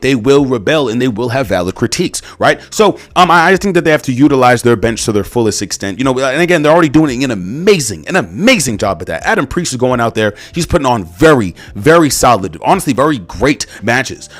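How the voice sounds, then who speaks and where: A hoarse man hosting a casual wrestling commentary, rambling with lots of fillers and restarts. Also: mid-range voice, big pitch swings, fairly quick, hardly any pauses.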